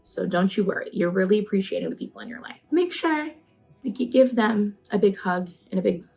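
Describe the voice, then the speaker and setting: A woman in her twenties talking casually to the camera in a personal vlog, chatty and earnest, her questions rising with excitement. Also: mid-range voice, creaky, rough recording. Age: 20s. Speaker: vlogger.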